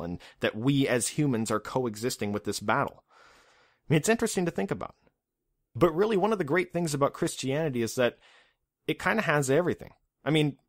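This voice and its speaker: A man's voice: mid-range voice, dry recording, studio quality. A man hosting a podcast, narrating a script in a casual, wry, conversational way. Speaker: podcast host.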